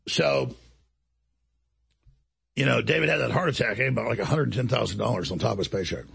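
A man's voice: medium pitch, fairly quick, vocal fry, fairly bright tone, slightly rough. A man hosting a talk show, delivering an indignant monologue and acting out other people's lines as he tells the story. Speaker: show host.

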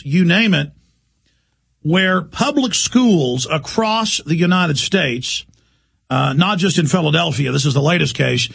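A man's voice: sits high, creaky, a bit bright, slightly rough. A man hosting a talk show, delivering an urgent, impassioned monologue.

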